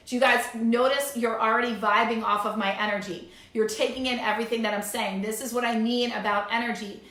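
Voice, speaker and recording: A woman's voice: a little high, steady tone, a little fast, few pauses, fairly bright tone, reverberant. A woman coach giving a motivational masterclass talk, gushing and enthusiastic, full of repeated affirmations. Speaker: wellness coach.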